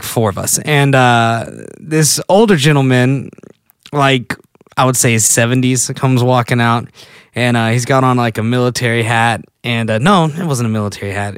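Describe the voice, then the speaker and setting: Male solo host, loose rambling storyteller, medium pitch, dry close recording. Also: clear, resonant tone, no room sound. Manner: rambling, self-interrupting storyteller. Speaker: podcast host. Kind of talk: casual solo chat.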